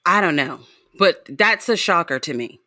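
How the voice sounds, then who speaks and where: A woman's voice: lowish voice, animated, normal speed, sharp tone, no echo, studio quality. A woman guest on a podcast, chatting casually about a show, laughing often and chiming in with agreement. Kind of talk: casual recap chat.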